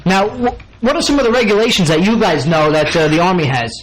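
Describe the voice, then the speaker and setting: A man's voice: high voice, fairly quick, rough recording. Upbeat joking male radio host. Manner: animated, peppers sentences with "okay?" and "all right?"; jokey, playful banter. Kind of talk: casual radio talk. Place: radio studio.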